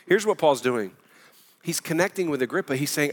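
A man's voice: on the high side, brisk. Impassioned preaching man in a big hall. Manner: impassioned preaching, drops to a near-whisper on key words. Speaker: pastor. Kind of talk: sermon.

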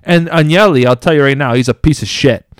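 A man's voice: medium pitch, brisk, clean tone, no room sound. Angry swearing man ranting. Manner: angry, swearing, emphatic rants. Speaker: football podcast co-host. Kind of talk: heated podcast rant.

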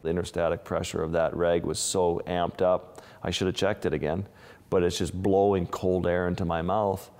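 Deep-voiced man recounting dive dangers. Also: little pitch movement, a little mellow, in a large hall. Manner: halting, restarts often, vivid retelling. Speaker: underwater photographer. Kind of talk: storytelling interview.

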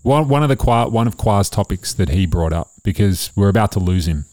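Aussie dad chatting on a family podcast, jokey, warm dark voice, lots of ups and downs. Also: male voice, lowish voice, lively intonation, a little fast, no room sound. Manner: playful, teasing, jokey. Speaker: father hosting a family podcast. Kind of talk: casual family podcast chat.

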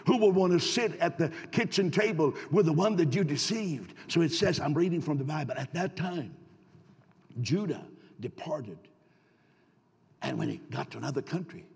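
A man preaching a storytelling sermon, folksy and full of stammering restarts, asking his congregation rhetorical questions. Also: fairly high pitch. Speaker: pastor. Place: church sanctuary. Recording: long hall reverb.

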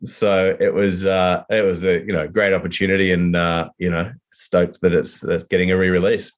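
In a laid-back interview, an Australian actor guest rambles about his work, his answers full of fillers, restarts and loose asides. His voice is fairly low and his pace moderate.

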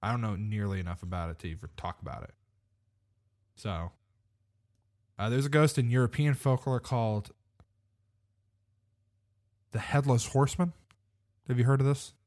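A man's voice: medium pitch, moderate pace, pauses often, darkish tone. A man co-hosting a podcast in casual chat, rambling and hesitant, laughing often. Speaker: podcast co-host.

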